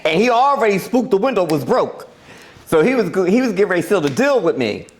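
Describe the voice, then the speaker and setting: A woman's voice: medium pitch, big pitch swings, fast talker. A woman podcast host telling a story in casual, profane chat, acting out quotes and laughing often.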